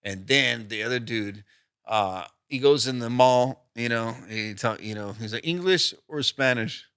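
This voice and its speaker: A man co-hosting a podcast in loose, rambling casual chat, with stories that wander through fillers. His voice sits a touch low but has a bright edge. The sound is close and dry. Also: steady tone, measured pace, clear, resonant tone, no room sound. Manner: rambling, filler-heavy storytelling. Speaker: podcast co-host.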